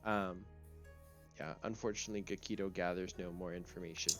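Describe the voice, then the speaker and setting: A man with a very low voice narrates a tabletop role-playing game as game master. He talks in a loose, relaxed way and fills his pauses with ums. Soft music plays faintly behind him. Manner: relaxed, with many fillers.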